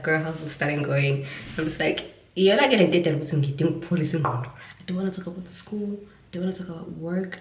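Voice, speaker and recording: Low-voiced South African woman, roomy sound. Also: a little mellow. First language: Zulu. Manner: reflective, mixes English with Zulu phrases. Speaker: vlogger. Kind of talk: casual talking to camera. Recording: roomy audio from a distance.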